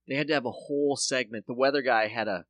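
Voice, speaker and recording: A man co-hosting a comedy podcast, riffing on jokes with quick chatty asides. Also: medium pitch, fairly bright tone, no room sound. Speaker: podcast co-host. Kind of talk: casual comedic banter.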